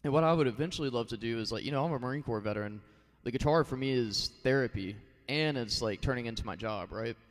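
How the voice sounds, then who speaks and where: A man's voice: mid-range voice, quick pace, long reverb tail. A man in his thirties chatting casually and rambling on a live stream, thanking his viewers and often saying "like" and "you know.". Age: 30s.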